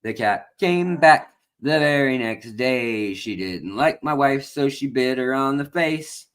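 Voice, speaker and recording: A man's voice: mid-range voice, expressive, slow, clear, resonant tone. A man hosting a casual aquarium livestream from an indoor studio, rambling and joking with lots of fillers. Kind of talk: casual live-stream chat.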